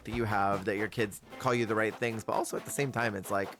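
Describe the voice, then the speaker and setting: A man's voice: on the low side, steady tone, fast talker. A man streaming a cozy game, chatting casually, answering his chat and laughing often. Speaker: Twitch streamer. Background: game music.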